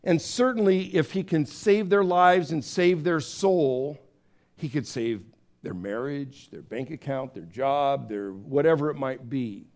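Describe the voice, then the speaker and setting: A man preaching a sermon in a conversational, storytelling way, acting out voices with big swings of pitch. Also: unhurried, a little mellow. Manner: conversational, with fillers and restarts. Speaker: pastor.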